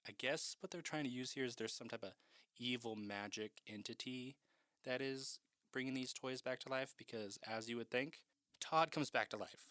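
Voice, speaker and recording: A man's voice: medium pitch, bright, forceful tone, no echo, studio quality. A man casually recapping a horror film in a chatty, profane way, with lots of "like".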